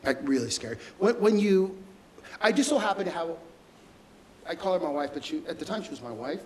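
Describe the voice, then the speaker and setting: A middle-aged man telling emotional stories as a guest onstage, halting and stumbling over repeated words. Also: high voice, animated, poor audio. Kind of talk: emotional storytelling conversation.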